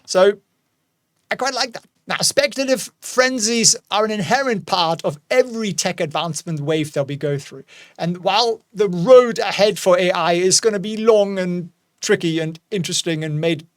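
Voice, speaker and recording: A man's voice: high-pitched, normal speed, no room sound, clean studio sound. A man in his forties hosting a casual investing commentary, chatty with jokey asides. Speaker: host.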